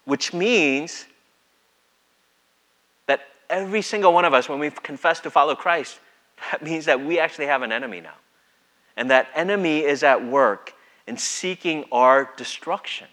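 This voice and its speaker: Preaching at a normal speed, a man with a slightly high voice gives a conversational sermon as a pastor. When reading scripture, he acts out the quoted lines with lively characterization.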